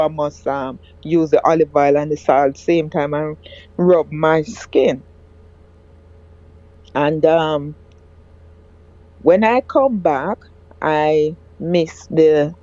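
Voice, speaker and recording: Woman guest, slow hesitant delivery, repeats words, dull dry lo-fi recording. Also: sits low, mellow, no room sound. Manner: halting, repeats and restarts words. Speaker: guest telling her story. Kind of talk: emotional personal account.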